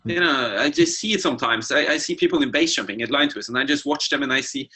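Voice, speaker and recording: A man talking as a guest in a casual chat, his voice bright and forward. He tells stories with energy and acts out what people said. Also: medium pitch, fast, slightly rough, low-quality recording. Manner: lively storyteller, acts out quotes. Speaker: guest, wingsuit flyer.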